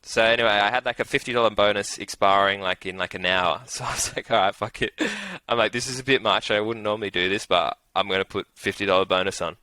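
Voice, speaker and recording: Young man, Australian accent, low bright voice, rambling, swears, laughs a lot, casual storytelling. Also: fast talker, hardly any pauses, no echo, rough recording. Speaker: interview guest, punter.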